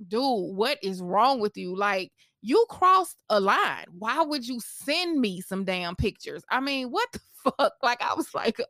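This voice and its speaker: A woman tells a personal story for her vlog, candid and animated, with plenty of swearing. Her voice sits a little high. The sound is dry and close, with no room behind it. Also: dry recording. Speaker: vlogger.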